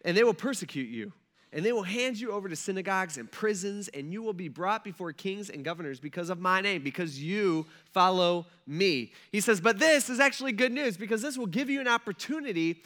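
A man's voice: high voice, fairly quick. A young man preaching a casual, conversational sermon who acts out the quotes and keeps checking in with his listeners. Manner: animated, acts out quotes, frequent "right?" and "like". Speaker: pastor.

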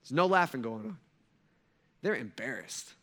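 A male pastor preaching a sermon in an animated, conversational storytelling way, full of casual fillers. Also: medium pitch, moderate pace.

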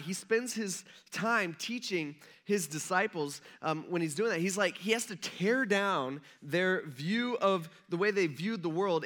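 A man's voice: sits high, fairly bright tone. A young man preaching a casual, conversational sermon, rambling and chatty with lots of asides and fillers. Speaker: pastor.

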